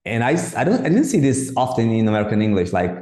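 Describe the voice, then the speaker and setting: Man, host, halting and repetitive, mellow tone, echoey room. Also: mid-range voice, sing-song. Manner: halting, repeats words while forming questions. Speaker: podcast host. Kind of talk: casual interview.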